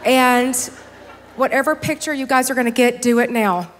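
High-voiced, chatty woman in her fifties. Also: normal speed, slight background noise. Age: 50s. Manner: chatty, self-deprecating, teary. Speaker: conference speaker. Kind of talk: conference talk with humorous stories. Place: large hall with stage. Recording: long hall reverb.

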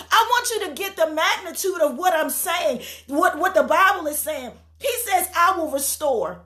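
Woman preacher, very high bright voice, fervent sermon delivery with shouted peaks. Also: expressive. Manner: fervent, rising to shouts and tearful emphasis; slow, deliberate scripture reading.

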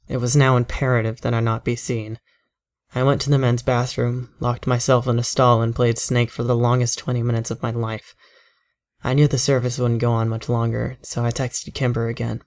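A man narrating a horror story aloud, measured and tense as he tells it in first person. His voice sits at a middle pitch, steady and unhurried.

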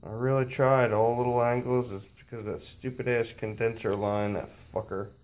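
A man's voice: mid-range voice, fairly even intonation, moderate pace, darkish tone. A man filming himself while he works on a car, talking casually, swearing and straining as he goes. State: strained from physical effort. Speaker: DIY car repair vlogger. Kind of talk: casual talk while working.

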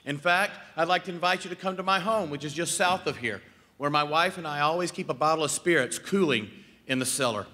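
A man playing a courtly 1830s gentleman. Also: on the high side, a little fast. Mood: hospitable. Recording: long hall reverb.

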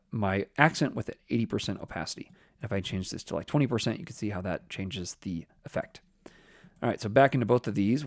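Man, low voice, dry close mic, casual coding tutor thinking aloud as he types. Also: no room sound. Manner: relaxed, thinking aloud with fillers while typing code. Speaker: web development instructor. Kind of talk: screen-recorded coding tutorial.

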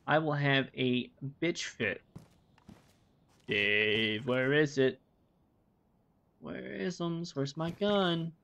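A man's voice: on the high side, drawn-out words, long pauses, a bit bright. A man streaming a game, rambling to himself and his viewers with plenty of swearing. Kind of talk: casual gameplay commentary. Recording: dull lo-fi recording.

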